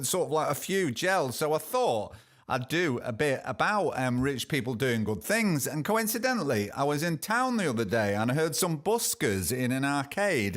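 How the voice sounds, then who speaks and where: A man's voice: on the high side, fairly bright tone. A man hosting a comedy podcast, reading news items and ranting about them with sarcasm. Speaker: podcast host. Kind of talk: comic news commentary.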